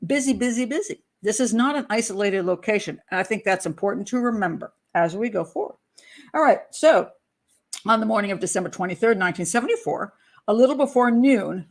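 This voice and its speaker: An older woman, a criminal profiler, giving chatty, blunt true crime commentary with sarcastic asides. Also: mid-range voice.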